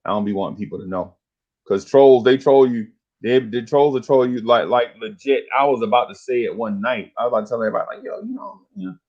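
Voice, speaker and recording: A man's voice: mid-range voice, fast, highs cut off. A man, hosting a casual podcast chat and telling stories with slang and acted-out voices. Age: 50s. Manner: animated storyteller, slangy, acts out voices. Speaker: show host.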